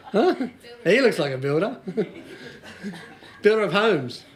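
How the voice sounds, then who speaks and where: A man's voice: high-pitched, sing-song, slow. An Australian man in his forties, a business coach giving a casual, joking seminar talk to a small group and quizzing the audience.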